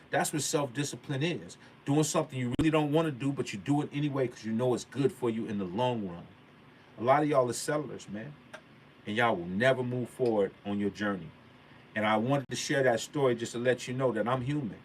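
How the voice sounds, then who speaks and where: A man's voice: medium pitch, brisk. A man with a mid-range voice talks straight to his viewers, telling a personal story and turning it into a pep talk. His speech is loose and slangy, and he leans hard on key lines and repeats them. A faint noise sits under the recording. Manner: emphatic, preachy, repeats key points. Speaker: vlogger. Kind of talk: motivational storytelling monologue.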